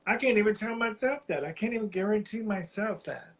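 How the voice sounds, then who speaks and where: A man calling in to a live reading, sharing something painful in a halting, heartfelt way while close to tears. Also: sits high, fairly bright tone, rough recording. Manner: halting, heartfelt, slow, often restarting phrases. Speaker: caller on a live psychic reading. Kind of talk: emotional personal sharing.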